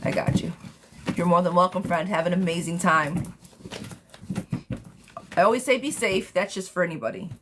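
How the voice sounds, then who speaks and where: Woman tarot reader on a live stream, lowish voice, chatty and affectionate, with a noisy, clicky recording. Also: moderate pace, pauses often. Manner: chatty, affectionate, calls viewers darling and sweetheart.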